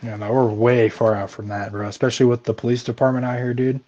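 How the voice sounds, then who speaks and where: A man complains loosely and profanely, stumbling over his words and ending lines with "dude". His tone is dark and mellow, and his voice sounds muffled and off-mic, as if recorded some distance away. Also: mid-range voice, level tone, quick pace. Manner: ranting, profane, stumbling, says "dude" a lot. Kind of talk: casual chat.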